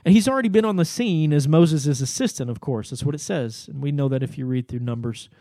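A man's voice: a little high, fairly quick, warm tone, dry recording. A man giving a Bible teaching sermon, explaining the text in a conversational way with fillers and asides. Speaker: pastor.

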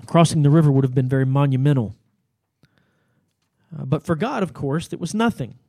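A pastor gives a Bible teaching sermon in a somewhat high voice that's mellow and dark, with some vocal fry. He's animated and brisk, yet explains the text patiently and conversationally. The recording is close and dry, without room sound.

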